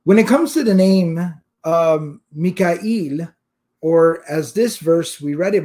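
A man giving a religious lecture, explaining terms patiently and repeating them slowly for emphasis. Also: a little high, dark tone. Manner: recites Quranic verses in Arabic. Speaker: Islamic teacher.

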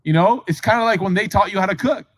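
Relaxed man telling a sermon story. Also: high voice, fast talker, no echo. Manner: casual, acts out dialogue, asks the audience questions. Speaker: Islamic preacher.

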